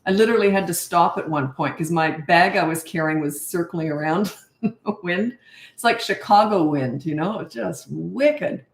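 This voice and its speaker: A woman's voice: fairly low pitch, normal speed, roomy sound. A middle-aged woman, a parenting coach, chatting and rambling casually on a live-stream Q&A, self-deprecating.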